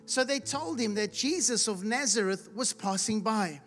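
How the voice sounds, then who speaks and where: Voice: medium pitch, moderate pace, hardly any pauses, soft background music. Impassioned preacher calling out to the congregation. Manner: rhetorical questions, calls for audience response; rises to loud shouts when acting out the blind man's cries. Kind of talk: sermon. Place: church hall with live congregation.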